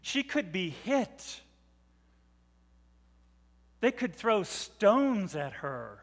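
A middle-aged man preaching a sermon, telling the story dramatically and swelling from hushed to loud. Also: high-pitched, sing-song, extremely slow. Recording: long reverb of a large hall.

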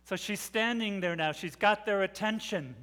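Speaking at a normal speed, this middle-aged male preacher with a high voice turns his sermon into dramatic storytelling. His volume ranges from almost a hush to loud, and a big hall gives him a long, ringing reverb.

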